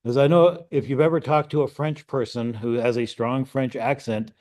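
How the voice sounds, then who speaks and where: A man's voice: mid-range voice, steady tone, normal speed, a little mellow. A middle-aged man teaching an amateur radio class, explaining step by step in a conversational way and checking in with "okay?" and "right?". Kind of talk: classroom lecture.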